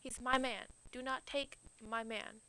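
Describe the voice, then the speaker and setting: A heartbroken male god, plaintive and pleading, as a woman puts him on in a bright, raised voice. It sounds casual and half joking. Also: on the high side, fairly even intonation, measured pace, clear, resonant tone, low-quality recording. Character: grieving male god, pleading for his lover.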